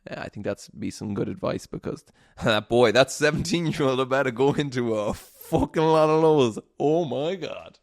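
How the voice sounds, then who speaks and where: A man's voice: medium pitch, animated, normal speed. A young man hosting a solo podcast, telling stories in a rambling, casual way, swearing freely and laughing often. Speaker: podcast host.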